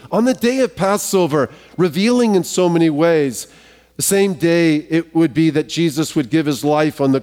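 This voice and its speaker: Higher-voiced male pastor in a reverberant hall. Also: darkish tone. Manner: conversational, joking asides, frequent restarts. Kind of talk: sermon.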